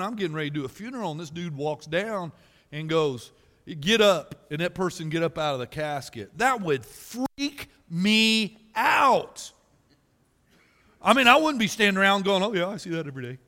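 A man preaching a sermon in a church, telling folksy stories and rising to loud emphasis. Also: fairly high pitch. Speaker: pastor. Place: church sanctuary. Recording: reverberant hall.

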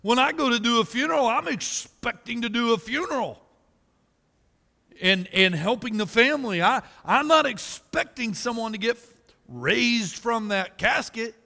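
A man preaching a sermon in a church, telling folksy stories and rising to loud emphasis. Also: extremely high pitch, moderate pace, creaky. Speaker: pastor. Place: church sanctuary. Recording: reverberant hall.

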